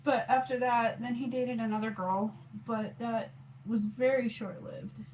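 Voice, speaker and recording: A woman's voice: on the high side, steady tone, unhurried, a little mellow, a little hiss or hum, low-quality recording. A woman in her forties chatting casually on her phone camera while doing her makeup, rambling with lots of fillers. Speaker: mom vlogger.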